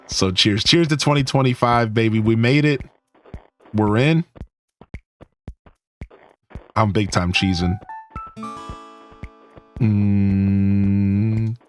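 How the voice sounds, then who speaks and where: A man's voice: on the low side, normal speed, faint music behind. A man streaming a video game, chatting casually and joking with his viewers. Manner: animated, jokey, talks to chat. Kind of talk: casual gaming chat.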